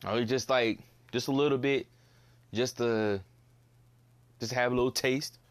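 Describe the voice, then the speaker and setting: A man's voice: mid-range voice, steady tone, unhurried. Young man, solo podcast host, exasperated, blunt, swears, repeats himself. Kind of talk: casual solo commentary.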